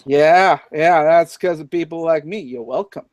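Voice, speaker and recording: A man's voice: a little high, a little slow, a little mellow, dull audio. A man chatting casually in a sarcastic, mock-menacing tone. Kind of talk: casual chat with a mock-villain bit.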